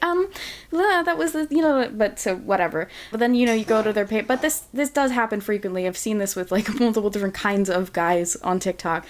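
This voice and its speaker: A woman chatting casually on a podcast, often laughing and putting on mocking voices. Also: medium pitch. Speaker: podcast guest.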